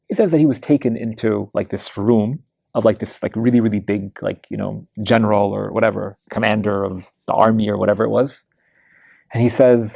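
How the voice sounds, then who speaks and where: A man with a gravelly, dark voice gives a weekly religious study lecture. He tells stories conversationally, filling gaps with fillers and restarts, and the sound is close and dry. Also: fairly low pitch, fairly even intonation, a little fast, no echo. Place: mosque lecture hall.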